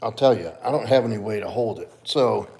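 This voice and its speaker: Brisk and creaky, this man speaks with a fairly low pitch and a darkish tone. The fitness coach runs a casual livestream, relaxed as he answers viewers in chat and talks to his dog.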